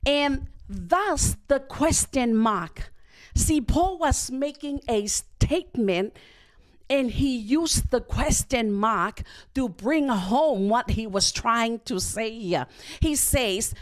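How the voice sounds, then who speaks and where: A woman preaching a sermon at a church service, reading scripture and explaining it slowly and deliberately. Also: high-pitched.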